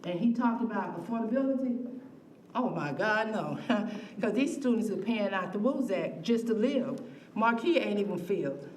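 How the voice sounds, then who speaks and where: A woman's voice: medium pitch, animated, moderate pace, darkish tone. A woman giving public comment at a city meeting, informal and emphatic. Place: council meeting room. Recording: echoey room, distant mic, faint noise.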